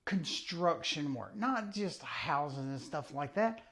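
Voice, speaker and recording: A man co-hosting a podcast in casual chat, joking around and throwing in quick asides. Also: fairly high pitch, expressive, fairly bright tone. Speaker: podcast co-host.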